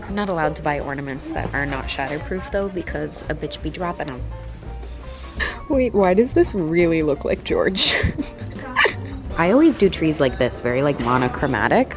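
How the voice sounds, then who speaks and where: Gushing, excitable young woman vlogger. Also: lowish voice. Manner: gushing and excitable, frequent gasps and giggles. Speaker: lifestyle vlogger. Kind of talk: casual vlog chat.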